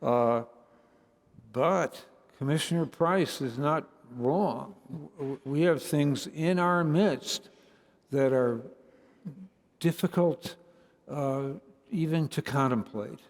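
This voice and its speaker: An older man, an author on a discussion panel, speaking in a halting, measured way. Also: on the high side. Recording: echoey church hall.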